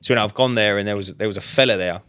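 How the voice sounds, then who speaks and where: A man, a podcast co-host telling stories in casual chat, animated and full of slang. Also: lowish voice, smooth. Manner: fast, animated storyteller with slang.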